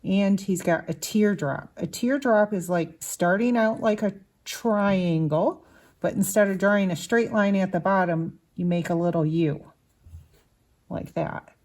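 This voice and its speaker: A woman's voice: medium pitch, measured pace, darkish tone. A woman teaching young children to draw, patiently explaining each step as she draws. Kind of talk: slow drawing lesson for children.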